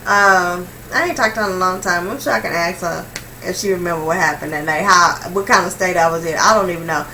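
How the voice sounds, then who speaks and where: A young woman vlogger telling a personal story in a casual, slangy, animated way, swinging between hushed and loud. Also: fairly low pitch, fast talker, recorded from a distance, a little hiss or hum, rough recording.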